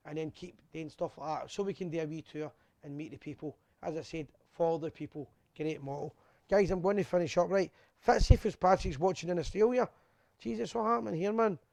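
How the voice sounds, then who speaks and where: A man's voice: fairly high pitch, fairly even intonation, a little fast, gravelly, no room sound. A Scottish man hosting a fan live show, chatting casually and reading out viewers' messages while a bit drunk. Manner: chatty, rambling, shouts out viewers by name.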